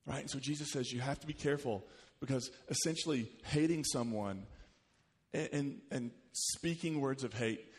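Man preaching a sermon in a reverberant hall. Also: normal speed. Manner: animated, rises in pitch and volume when quoting scripture. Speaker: pastor.

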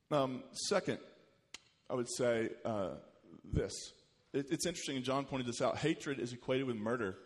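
A man preaching a sermon as pastor, animated, rising in pitch and volume when he quotes scripture. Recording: long hall reverb.

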